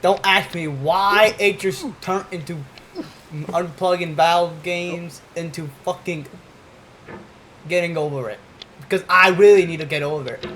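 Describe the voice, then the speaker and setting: A young gamer giving casual, profane commentary over gameplay, often mumbling low and swearing. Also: unhurried, a bit bright, a little hiss or hum, low-quality recording. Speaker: gaming youtuber.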